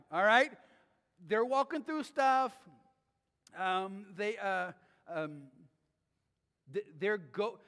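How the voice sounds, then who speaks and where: A male pastor preaching a sermon in a conversational way, often checking in with the congregation with a quick "right?". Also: high voice, bright, forceful tone, big-room sound. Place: church sanctuary.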